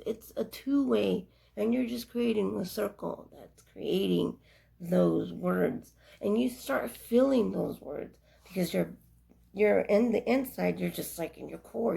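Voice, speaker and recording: A woman's voice: mid-range voice, a little slow, creaky, dark tone. A young adult woman giving earnest, rambling life advice in a casual monologue. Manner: earnest, preachy, rambling with restarts.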